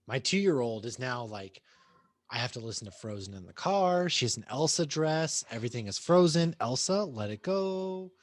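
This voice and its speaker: A man's voice: medium pitch, animated, normal speed, no room sound. Guy in his 30s ranting on a home podcast, lots of swearing, voice all over the place. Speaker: podcast co-host. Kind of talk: casual chat.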